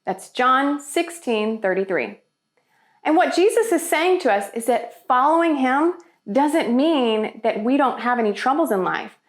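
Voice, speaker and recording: A woman's voice: high voice, lively intonation, a little slow. A woman hosting a children's church video, talking in an upbeat, enthusiastic way. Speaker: children's ministry host.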